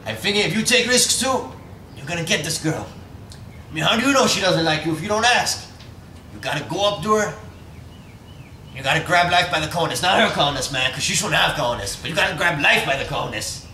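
A man's voice: a little high, expressive, brisk, pushed and bright. A teenage boy in a student film playing a cocky Cuban schoolmate who mixes in Spanish words and boasts like a mentor. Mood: boastful. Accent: put-on Spanish-tinged. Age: teens. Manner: swaggering, sprinkles Spanish words. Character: cocky Cuban cigar-smoking male schoolmate, swaggering mentor. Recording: echoey room, distant mic, faint hiss.

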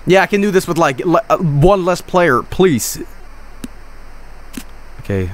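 Male streamer, high-ish voice that leaps around, grumbles then yells at the game, faint music behind. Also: animated, unhurried, long pauses. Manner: swings from low grumbling to loud yelling and cursing at the game. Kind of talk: live gameplay commentary.

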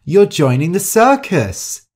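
A theatrical young actress from a storybook, every line delivered with flair and a lively lilt. A man acts her out. She is dramatic about everything. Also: mid-range voice, measured pace.

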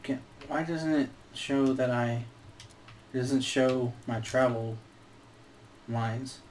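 A man's voice: medium pitch, slow, slight background noise. Man muttering through a game playthrough. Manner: swears freely, muttering with sudden excited outbursts. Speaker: let's play gamer. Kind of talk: casual gameplay commentary.

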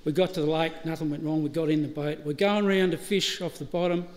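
Brisk and steady in tone, with a voice on the high side, a middle-aged Australian man delivers a eulogy. He recounts funny anecdotes, laughing and acting out what people said. The funeral service hall is echoey, with faint ambient noise.

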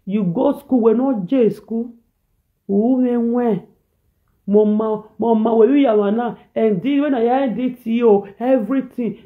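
A man's voice: very high-pitched, moderate pace. A man with a Nigerian accent ranting in a preachy, repetitive reaction video, switching between pidgin and a local language. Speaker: social media commentator. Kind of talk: animated reaction rant. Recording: tinny phone-like audio.

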